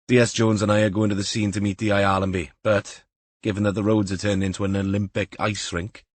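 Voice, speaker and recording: A man voicing a gruff, sardonic senior detective. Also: lowish voice, no room sound, natural voice. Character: gruff, dry-witted senior Welsh detective.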